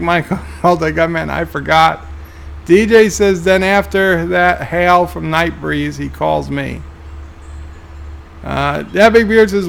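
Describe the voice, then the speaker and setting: Gravelly man reading chat aloud. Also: sits high, fairly bright tone. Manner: reads viewer comments aloud, dry asides. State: tired, yawning. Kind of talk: casual live-stream commentary.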